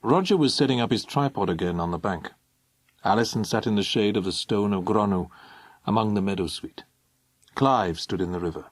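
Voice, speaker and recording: A man narrating an audiobook in a measured, expressive reading. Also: fairly low pitch, no echo, studio quality. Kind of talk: scripted narration.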